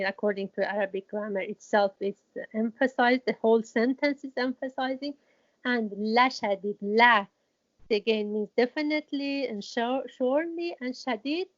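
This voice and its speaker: High-voiced woman teaching, hesitant delivery. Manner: hesitant, many restarts and fillers, repeats key words for emphasis. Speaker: Quran teacher. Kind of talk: explanatory lesson. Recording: dull lo-fi recording.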